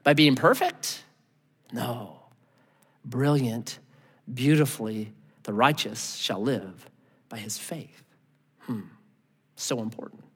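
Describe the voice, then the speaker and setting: A male pastor preaching a sermon in a lively manner, acting out the people he quotes. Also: medium pitch, takes it slowly, long pauses, slightly rough, big-room sound. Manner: animated, acts out voices in quotes.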